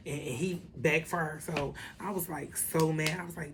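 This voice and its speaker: A woman telling a story in a casual vlog, animated and profane, with lots of asides to the viewers. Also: deep voice, normal speed, background noise. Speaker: vlogger.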